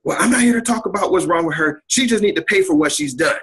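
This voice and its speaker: A man's voice: high-pitched, lively intonation, quick pace, a bit bright, slightly rough, voice pushed up, exaggerated voice. A man voicing his angry, accusing mother-in-law as he retells a family fight. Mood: scolding. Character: angry scolding middle-aged mother-in-law.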